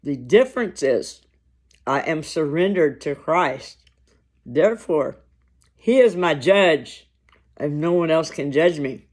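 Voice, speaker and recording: A man vlogging to camera over lunch, talking in a slow, reflective, halting way with long pauses. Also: fairly high pitch, expressive. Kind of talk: casual talk to camera while eating lunch.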